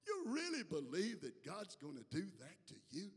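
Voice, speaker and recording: A preacher putting on a low, coaxing serpent. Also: male voice, wildly swooping pitch, normal speed, slightly rough, big-room sound, exaggerated voice. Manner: low, coaxing whisper in the ear. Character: sly whispering serpent tempter, male.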